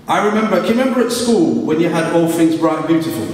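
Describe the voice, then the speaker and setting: A man's voice: fairly high pitch, quick pace. A middle-aged man, a guest speaker telling humorous stories to a live audience and acting out voices. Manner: animated, humorous, acts out voices. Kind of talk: storytelling talk to a live audience. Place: large hall at a live event. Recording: echoey hall from far off.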